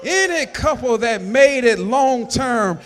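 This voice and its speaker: A man with a strikingly high voice preaches a sermon. His delivery is emphatic, and it builds into shouted lines. A long church reverb trails each phrase. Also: lively intonation, slow, some chatter behind, a little hiss or hum. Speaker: pastor. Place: church sanctuary.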